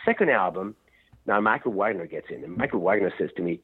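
A man's voice: sits low, expressive, fast talker, husky. A man, a rock singer, talking in a rambling way and often laughing during a radio interview over the phone. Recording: tinny phone line.

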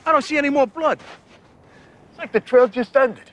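A man's voice: very high-pitched, normal speed, a bit bright, highs cut off, slight background noise. An actor playing a tense, cursing mobster searching the woods for a man, in a clip played from a TV series. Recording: distant clip audio.

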